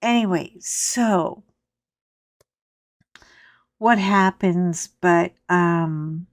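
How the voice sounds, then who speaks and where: A middle-aged woman who hosts a coloring channel tells a rambling story with a wry, casual air, mild cursing, and lots of "anyway" asides. Her voice sits a little high, animated but unhurried.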